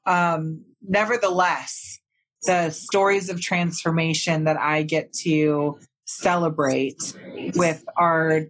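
A candid, lively woman hosting a casual podcast chat. Her voice sits a little low, and she laughs through her words as she tells stories. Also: slow. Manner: animated, candid, laughs while talking.

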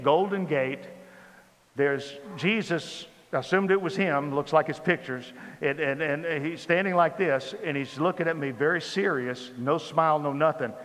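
A man giving a sermon testimony, telling his story with lively repetition. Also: a little high, long reverb tail. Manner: animated storytelling with repeated phrases. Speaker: preacher.

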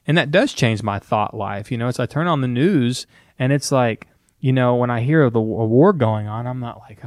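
A man's voice: medium pitch, normal speed, no echo. Man, pastor, casual teaching chat, earnest, dry sound. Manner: earnest, conversational, animated quoting.

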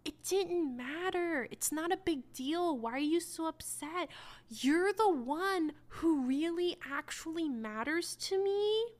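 A woman's voice: very high-pitched, expressive, takes it slowly, pitched above the performer's own voice, exaggerated voice. A woman doing a weepy pleading cheating wife. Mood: dismissive. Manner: pleading, melodramatic. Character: tearful apologetic cheating wife.

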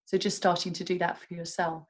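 A woman with a fairly low voice speaks as a podcast guest. She explains calmly and gently, with a warm coaching patience. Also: brisk, low-quality recording. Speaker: guest, doctor and self-compassion coach. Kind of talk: podcast interview.

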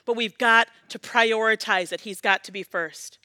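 A woman in her forties preaching a sermon as pastor, earnest and personal, often dropping to a soft prayerful hush. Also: a little high, fairly even intonation, moderate pace, no echo. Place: church sanctuary.

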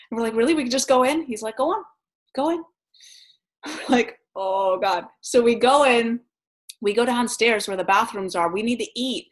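A woman vlogger telling travel stories in a chatty, animated way, laughing as she goes. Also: fairly high pitch, moderate pace. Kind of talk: casual storytelling vlog.

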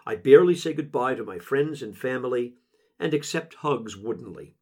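A middle-aged man narrating a memoir audiobook in an emotional, intimate, measured way. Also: medium pitch, expressive, darkish tone, husky.

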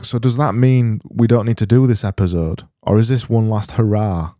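Mellow-voiced man rambling deadpan. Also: lowish voice, moderate pace, soft background music. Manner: rambling, self-deprecating, deadpan. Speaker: podcast host. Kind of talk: solo comedy podcast monologue.

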